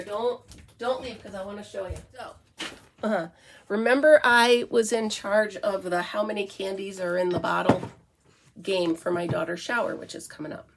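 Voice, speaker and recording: A woman's voice: mid-range voice, gravelly, a little hiss or hum. A middle-aged woman from the United States hosting a casual morning coffee chat, chatty and breaking into baby talk with her dog. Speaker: vlog host.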